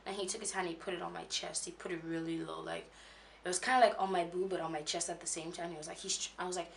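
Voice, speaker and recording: Young woman vlogger, low and gravelly, halting and shaken confessional telling. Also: steady tone, a little hiss or hum. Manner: halting, with many restarts and fillers. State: emotional, shaken when recalling. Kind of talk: personal confessional story.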